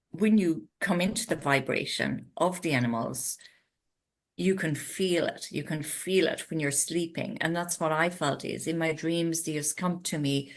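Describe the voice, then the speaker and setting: A middle-aged Irish woman, a guest in a casual interview, telling her story with animation and acting out her own past thoughts. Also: low-pitched. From Ireland. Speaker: interview guest, retreat owner.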